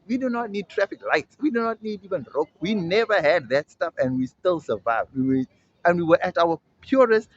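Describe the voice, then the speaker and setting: A man from South Africa giving an emphatic opinion monologue as a vlogger, insistent and repeating his points with slangy asides. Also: fairly high pitch. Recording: slightly dull audio with faint ambient hiss.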